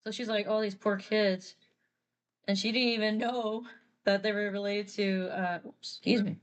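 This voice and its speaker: A woman's voice: mid-range voice, fairly even intonation, normal speed. A woman artist on a live stream, explaining story lore in a chatty, rambling way, often correcting herself. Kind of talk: casual live-stream chat.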